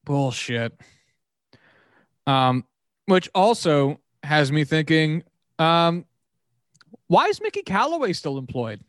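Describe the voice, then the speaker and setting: A man with a somewhat high voice talks sports in an animated, exasperated way. He swears freely and slips into sarcastic asides. The recording is dry and close. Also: measured pace, dry recording. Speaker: podcast co-host. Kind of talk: casual sports chat.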